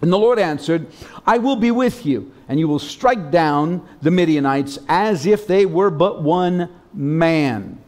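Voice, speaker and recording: A man's voice: fairly high pitch, lively intonation, unhurried, darkish tone. A male pastor preaching a sermon, reading scripture dramatically and leading the congregation to repeat words back. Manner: dramatic reading, leads the congregation in call-and-response. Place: church sanctuary.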